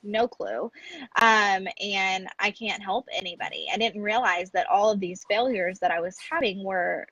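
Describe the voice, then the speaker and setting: A woman's voice: mid-range voice, animated, unhurried, fairly bright tone, no echo, low-quality recording. A woman in her thirties, a business coach for mothers, talking candidly in an interview and laughing often. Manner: candid, laughs often, acts out her own past lines. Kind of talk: casual interview conversation.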